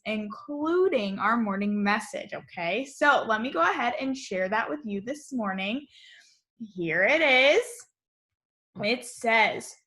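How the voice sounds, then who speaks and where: A woman teaching an online summer school lesson to young children, speaking slowly and cheerfully from a home computer. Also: fairly high pitch, fairly bright tone. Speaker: kindergarten teacher.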